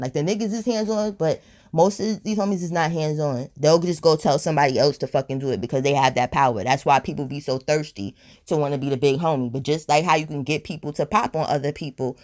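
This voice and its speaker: A woman telling a storytime on her vlog in a blunt, profane, animated way, a little high and tipsy. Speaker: storytime vlogger. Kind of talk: casual storytime monologue.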